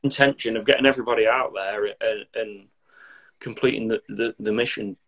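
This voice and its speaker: A man's voice: on the low side, steady tone, a little fast, a crowd in the background. Blunt army veteran man. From Derby, England. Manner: blunt, swears freely, dark humour. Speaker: military veteran. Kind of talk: casual podcast chat.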